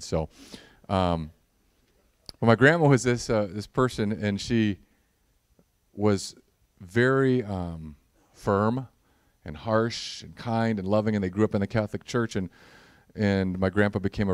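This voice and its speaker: A man's voice: fairly low pitch, clean tone, no room sound, clean studio sound. A man in the role of pastor, preaching a conversational sermon that mixes humorous storytelling with earnest prayer.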